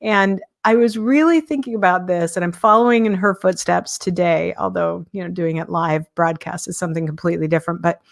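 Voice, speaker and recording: A woman's voice: on the low side, a little fast, creaky, few pauses. Woman, 50s, podcast host, casual live monologue, candid and self-mocking. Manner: candid, self-deprecating, chuckles often.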